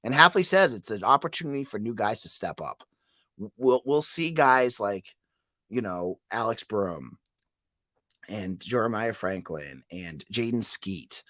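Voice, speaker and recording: A male podcast host with a froggy, stuffed-up voice from a head cold talks through his show in a loose, chatty way. His pitch swings lively up and down, and the sound is close and dry with no room around it. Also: a little slow, no room sound. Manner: chatty, repeats words, asks "right?". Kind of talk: casual sports podcast monologue.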